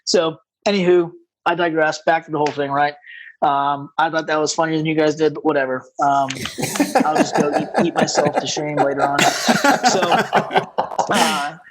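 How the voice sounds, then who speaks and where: A man telling stories as a guest on a casual podcast, animated and rambling, with lots of fillers. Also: fairly high pitch, normal speed, noisy background. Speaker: podcast guest, combat rescue officer.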